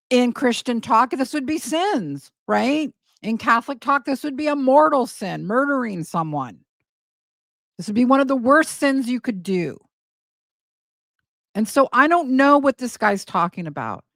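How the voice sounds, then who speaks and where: Incredulous woman host, fairly high voice. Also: creaky, dry recording. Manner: incredulous, emphatic, repeats words for effect. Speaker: commentary host. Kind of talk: casual commentary.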